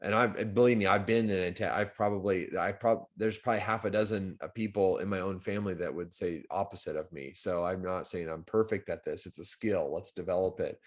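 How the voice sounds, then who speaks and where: Man with a slightly low voice hosting a live stream; loose, conversational, jumps up in energy on key points. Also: a little fast, few pauses. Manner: conversational, repetitive restarts, animated swings in loudness. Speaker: host of a live community stream. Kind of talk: casual livestream talk.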